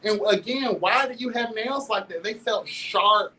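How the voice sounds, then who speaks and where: Recorded far from the mic on poor audio with a faint hiss or hum, a male host with a high voice recounts a candid tale at a measured pace. He's animated, sassy and flamboyant, laughing through it and repeatedly addressing listeners as "girl."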